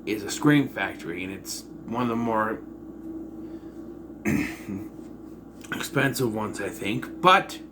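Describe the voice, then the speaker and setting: A man giving a casual, rambling spoken movie review, often clearing his throat. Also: fairly low pitch, expressive, takes it slowly, long pauses, noisy background.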